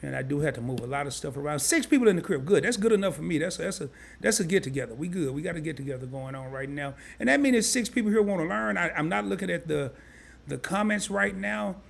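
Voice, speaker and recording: A man's voice: fairly high pitch, animated, fast, vocal fry. A man hosting a live stream, casually breaking things down step by step and often repeating himself. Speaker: crypto live stream host. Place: home setup, sharing his screen.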